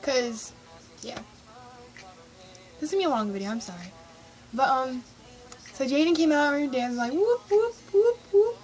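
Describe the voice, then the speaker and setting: A woman vlogging about a concert, telling it in an excitable, gushing way and acting out her own reactions. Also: sits high, rough recording. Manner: gushing, excitable, fast-shifting, reenacts her own squeals. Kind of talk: excited casual storytelling.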